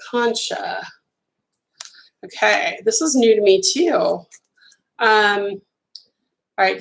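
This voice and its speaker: A woman hosting a relaxed live chat from home, talking warmly and enthusiastically about what she holds. Her voice is a little hoarse, and she clears her throat now and then as if she is losing her voice. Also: medium pitch, rough recording. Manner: chatty, enthusiastic, admiring, talks to viewers by name. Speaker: crochet designer hosting a live stream. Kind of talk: casual live-stream chat.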